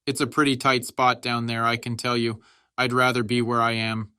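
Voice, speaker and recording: Man as sardonic veteran soldier, tired, talkative, bright voice. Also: mid-range voice, level tone, normal speed, clean tone, no echo, studio quality, lightly acted. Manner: sardonic, chatty. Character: weary, mocking veteran male soldier.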